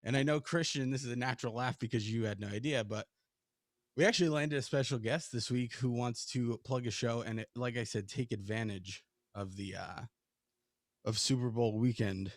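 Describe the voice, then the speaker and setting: A man's voice: medium pitch, normal speed, no room sound. A man co-hosting a sports podcast, chatting casually and ribbing his partner with dry teasing. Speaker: podcast co-host.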